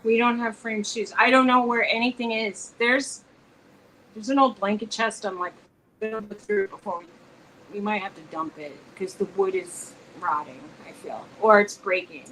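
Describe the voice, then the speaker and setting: A woman co-host with a mid-range, fairly bright voice speaks at normal speed in a casual chat between friends. The recording is low quality with a little hiss or hum, and she tells rambling stories, restarting often.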